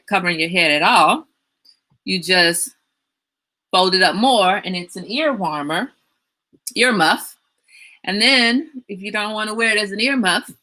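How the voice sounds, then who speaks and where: A woman's voice: on the low side, pushed and bright. A woman hosting a casual livestream, chatting and telling stories with lots of animation and laughter. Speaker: livestream host. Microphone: webcam or phone on a live stream.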